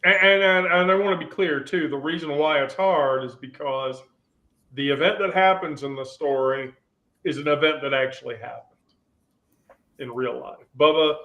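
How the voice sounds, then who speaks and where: A man hosting a relaxed group chat, rambling and often restarting his sentences. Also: medium pitch, lo-fi sound. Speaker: host. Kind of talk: casual chat.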